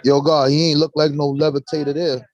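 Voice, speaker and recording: Male stream host, high voice, animated profane street storyteller, dry close mic. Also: brisk, dry recording, poor audio. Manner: animated, profane street talk, acts out courtroom exchanges. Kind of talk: casual live-stream chat.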